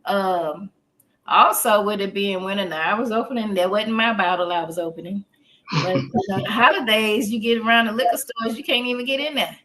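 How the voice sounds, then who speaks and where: A woman's voice: medium pitch, normal speed, a bit bright, low-quality recording. A middle-aged woman, talking as a therapist on a podcast in a folksy, chatty way that breaks into easy laughs. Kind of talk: casual podcast talk on grief.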